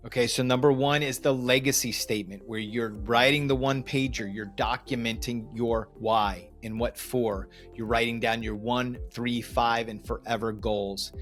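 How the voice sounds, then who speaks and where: A man's voice: medium pitch, steady tone, normal speed, hardly any pauses, fairly bright tone, faint music behind. Guy talking through a step by step money plan, podcast style, medium voice. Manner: explains step by step, recapping points. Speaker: podcast host. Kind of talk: instructional podcast monologue.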